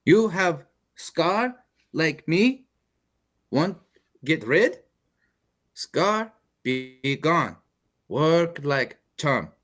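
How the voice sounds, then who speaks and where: A man playing a shy foreign actor auditioning for an ad, speaking slow, halting broken English. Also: a little high, very animated, fairly bright tone, voice pushed up, heavily acted. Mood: earnest.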